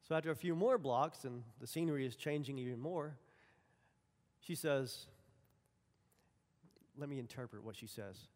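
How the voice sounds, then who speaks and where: A man's voice: medium pitch, moderate pace, long pauses, a little mellow. A man preaching a sermon, telling folksy personal stories and acting out the dialogue. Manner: folksy storytelling, acts out dialogue. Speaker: pastor. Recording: long hall reverb.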